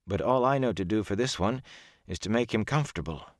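A man voicing a gentle, resigned woman healer in a fantasy audiobook, who speaks softly and apologetically. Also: fairly low pitch, lively intonation, a little fast, dry recording, clean studio sound, close to an everyday voice. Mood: sorrowful.

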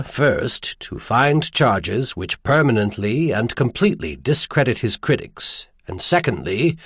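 A man voicing a grave, gentle earl. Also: on the low side, breathy edge, dry recording, clean studio sound, exaggerated voice. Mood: somber. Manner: measured, gentle and somber. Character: grave middle-aged male earl, gentle but grim. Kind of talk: audiobook character voice.

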